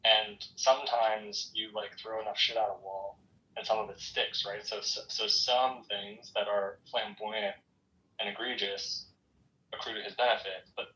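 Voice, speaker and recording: A man in a casual political chat, rambling with halting restarts. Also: on the low side, pushed and bright, distant mic. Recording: dull lo-fi sound.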